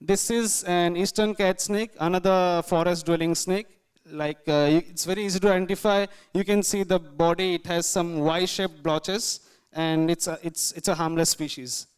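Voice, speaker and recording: A man gives a guest lecture with slides, explaining each one. His voice is high and clear, with a smooth, resonant tone. He speaks informally and leans on fillers like "you know.". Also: steady tone, moderate pace. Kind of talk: lecture talking through slides.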